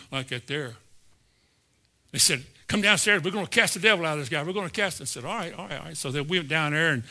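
A male preacher, his voice bright and forceful, set a touch higher than most men's. He tells stories in a folksy sermon style, drifting into quiet asides and then climbing to sudden emphatic peaks. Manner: folksy anecdotal preaching, shifting between soft asides and sudden emphatic rises. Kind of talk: sermon storytelling.

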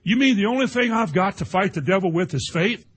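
A man's voice: high voice, expressive, brisk, a bit bright, breathy edge, pitched above the performer's own voice, exaggerated voice. A man preaching acts out a worried male disciple who pleads with his master, voice raised and anxious. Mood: pleading.

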